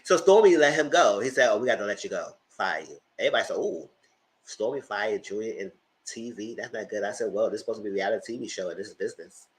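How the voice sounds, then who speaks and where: Chatty low-voiced man recapping reality TV. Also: quick pace, poor audio. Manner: chatty, animated, jumps into high falsetto when quoting himself. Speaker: TV recap commentator.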